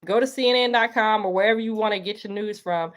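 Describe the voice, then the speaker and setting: A woman's voice: medium pitch, fast talker. A woman hosting a live talk, speaking earnestly and preachily to her listeners, calling them y'all. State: emotional, tearing up. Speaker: livestream host. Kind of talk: casual spoken monologue.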